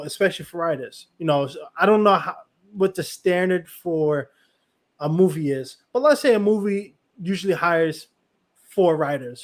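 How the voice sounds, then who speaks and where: A man hosting a podcast interview in casual conversation, talking in a rambling way and leaning on "you know" fillers. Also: sits high. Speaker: podcast host.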